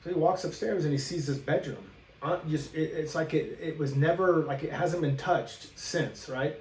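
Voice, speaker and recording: A man's voice: on the high side, moderate pace, a little mellow, far from the mic. A man co-hosting a podcast, telling a ghost story in a rambling, casual way and acting out the characters' lines. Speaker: podcast co-host. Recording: roomy echo, away from the mic, faint hiss.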